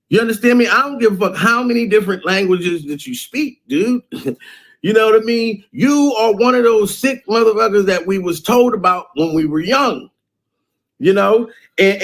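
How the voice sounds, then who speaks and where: High-voiced man in a mocking rant. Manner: laughs between phrases, loud and mocking. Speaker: vlogger. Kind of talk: profane rant.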